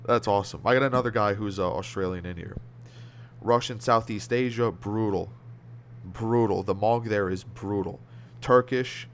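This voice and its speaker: A man's voice: fairly low pitch, normal speed, slight background noise. Rambling, slangy American guy streaming. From United States. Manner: rambling, slangy, laughs often, trails off mid-word. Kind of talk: casual livestream chat reading viewer comments.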